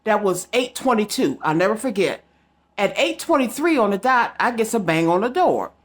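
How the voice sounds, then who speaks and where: A woman's voice: mid-range voice, very animated, normal speed. A woman telling a story straight to her viewers in a casual vlog, emphatic and direct. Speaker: psychic vlogger.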